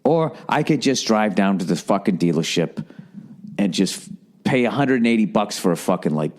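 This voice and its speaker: A man's voice: fairly low pitch, expressive, normal speed. A man with a Boston accent hosting a podcast, ranting sarcastically in a casual comic way and swearing often. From United States. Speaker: podcast host. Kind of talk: casual comedic rant.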